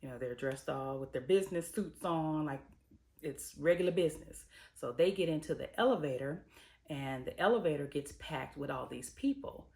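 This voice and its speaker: A woman's voice: low voice, normal speed. A woman host giving a casual, slangy recap of a TV episode, telling it like a story and acting out the characters' lines. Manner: lively storytelling, slipping into characters' voices; colloquial, slangy. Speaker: TV reviewer and host.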